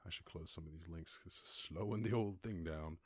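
A man from Ireland hosting a casual livestream chat, rambling, animated and laughing often as he talks. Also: sits low, a little fast, slightly rough, no echo. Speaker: host.

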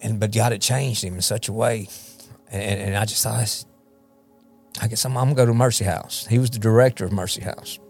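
A man's voice: fairly low pitch, steady tone, a little fast, gravelly, darkish tone, slightly rough, faint music behind. A man shares his personal testimony as a podcast guest, rambling and repeating words as he talks. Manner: rambling, repeats words, often asks "you know what I mean?". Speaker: guest, recovery ministry leader.

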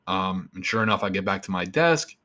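A man with a somewhat low voice tells a story from his own life as an interview guest. He talks casually and rambles, swearing freely. He turns animated as the story builds. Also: fairly quick.

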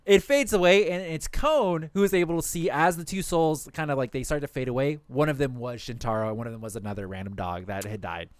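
A young man in casual chat, recapping anime episodes for a podcast with animated, quick storytelling and swearing. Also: mid-range voice, dry recording.

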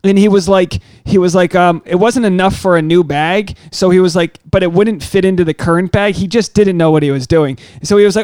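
A man tells a story on his podcast in an earnest, halting way, poking fun at himself. His voice is high and clear, recorded close and dry. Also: darkish tone, no room sound. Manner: earnest, halting, self-mocking. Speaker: podcast host. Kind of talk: casual storytelling chat.

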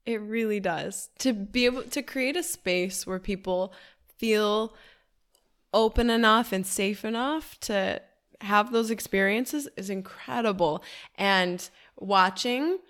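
A woman who runs healing events, speaking gently and slowly in an affirming, supportive way on a podcast. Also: mid-range voice. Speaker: retreat facilitator. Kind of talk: podcast conversation.

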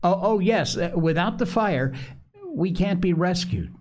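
A man's voice: high-pitched, animated, a little slow, pitched above the performer's own voice. A man voicing an anxious, earnest schoolboy who stumbles over his words. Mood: urgent. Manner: hesitant, stumbling.

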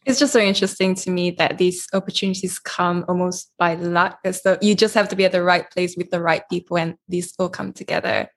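A woman's voice: fairly low pitch, steady tone, fairly quick, few pauses. A woman hosting an interview who responds in a reflective, conversational way.

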